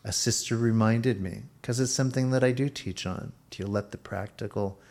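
A male pastor preaching a sermon in an unhurried, emphatic way, his voice sometimes rising suddenly. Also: fairly low pitch, gravelly, darkish tone.

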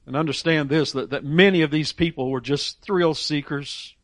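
A man's voice: on the high side, moderate pace, fairly bright tone, dry recording, studio quality. A man preaching a sermon, emphatic, reading scripture aloud and briefly acting out the voices of people in the story. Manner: emphatic, voices characters in Bible stories.

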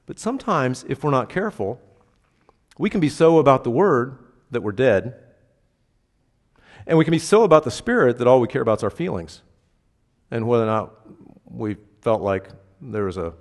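With lively intonation, medium pitch and normal speed, a male pastor preaches in a reverberant hall. His sermon is casual and conversational, peppered with questions for the congregation and emphatic bursts on key words.

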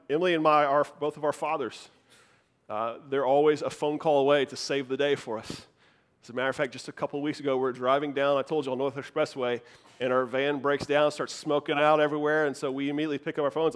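A male pastor delivers a sermon in a fairly high voice for a man. He preaches with animated, rising emphasis and repeats his key lines for effect.

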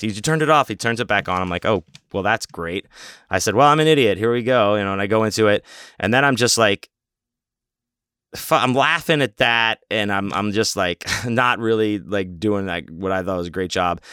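Low, smooth-voiced man rambling a story. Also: sharp tone, dry recording, studio quality. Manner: rambling, profane, self-mocking. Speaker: podcast host. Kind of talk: casual storytelling.

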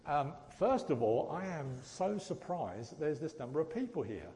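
Man, lay preacher, chatty and jokey, animated pitch, long hall reverb. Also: normal speed. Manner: chatty, jokey, addresses the congregation directly. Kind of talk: casual church talk. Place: church hall.

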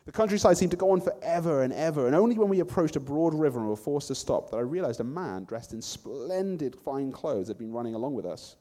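A man narrating a first-person story in an expressive way. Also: on the high side, fast talker, few pauses, long reverb tail.

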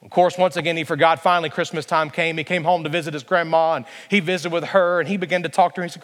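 A man's voice: a little high, steady tone, fast talker, few pauses, fairly bright tone, in a large hall. A male pastor preaching a sermon emphatically, building to passionate peaks.

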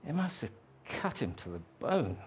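A man preaching a sermon, telling a story slowly and reflectively, raising his voice for the quoted lines. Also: mid-range voice, very animated, slight background noise.

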